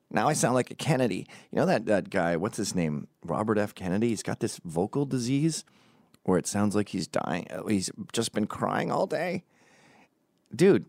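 A man's voice: fairly low pitch, big pitch swings, moderate pace, vocal fry, darkish tone, no room sound, studio quality. A man ranting comedically as a podcast host, rambling and profane, jumping between tangents. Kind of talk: comedic rant.

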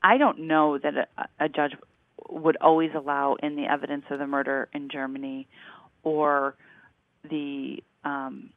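A podcast co-host in casual chat, hesitant and measured, often restarting sentences. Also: mid-range voice, little pitch movement, no echo. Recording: tinny phone-like line.

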